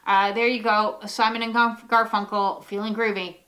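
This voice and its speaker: A woman's voice: mid-range voice, little pitch movement, normal speed, sharp tone. A woman giving a casual, rambling oracle card reading, full of fillers and the odd swear word.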